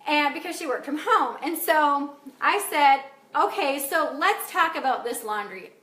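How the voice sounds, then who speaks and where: A woman's voice: high-pitched, expressive, a little slow, bright, forceful tone, roomy sound. A woman coach talking casually on a live video, chatty, laughing often and swearing freely. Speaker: life coach. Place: home in Wisconsin.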